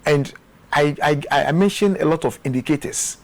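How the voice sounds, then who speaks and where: Ghanaian guy on a tv talk show, kinda high voice, earnest, keeps repeating words. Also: moderate pace. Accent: Ghanaian English. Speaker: guest, former official. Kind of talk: studio interview.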